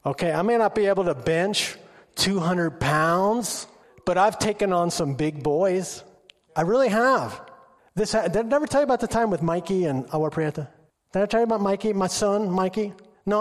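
Middle-aged guy preaching, high voice bouncing all over, long echo of a big hall. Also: brisk. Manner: animated, acts out quotes with high excited pitch. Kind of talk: informal sermon with storytelling.

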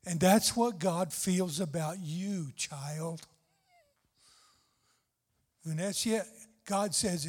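A man's voice: high voice, drawn-out words, pauses often, husky. An older man preaching a sermon with fervent, tender, repetitive emphasis. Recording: long hall reverb.

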